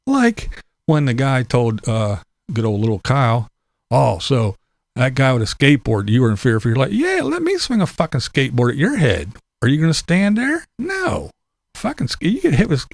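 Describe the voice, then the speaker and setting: A man's voice: mid-range voice, dry recording. Middle-aged man, casual ranting vlogger, profane and blunt, dry recording. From Pennsylvania. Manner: blunt, profane, laughs between points. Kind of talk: casual opinion monologue.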